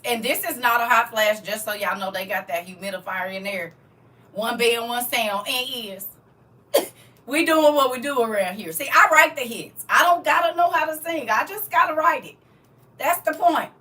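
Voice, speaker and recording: A middle-aged woman chats on her livestream and teases her viewers with plenty of laughter. Her voice is high and bright, and she calls it croaky herself. She sits slightly back from the microphone. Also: moderate pace, far from the mic. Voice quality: self-described croaky frog voice. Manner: teasing, laughing, talks to viewers as y'all. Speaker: livestream host. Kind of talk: casual livestream chat.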